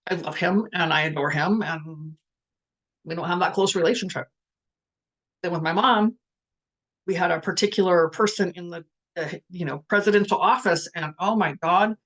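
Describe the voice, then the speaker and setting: A middle-aged woman hosting a live spiritual talk, speaking in a reflective, musing way with many restarts and pauses, and now and then putting on the voices of family members. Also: on the low side. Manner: quotes family conversations in lively voices. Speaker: spiritual empath host.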